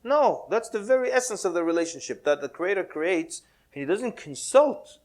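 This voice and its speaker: A man giving a lively, joking talk to an audience at a mosque, mixing in Arabic words and acting out quotes. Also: high voice, normal speed. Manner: animated, playful, drops Arabic words, laughs often. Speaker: Muslim speaker giving a talk.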